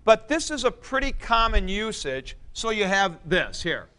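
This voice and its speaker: A man teaching a Greek grammar class in a classroom, explaining slowly and calling on students by name. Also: sits high, very animated, bright, forceful tone, clean tone. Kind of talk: classroom lecture.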